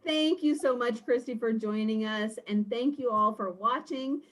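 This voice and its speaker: A woman co-hosting a casual chat, upbeat and quick to agree. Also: on the high side, low-quality recording. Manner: upbeat, affirming. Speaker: co-host.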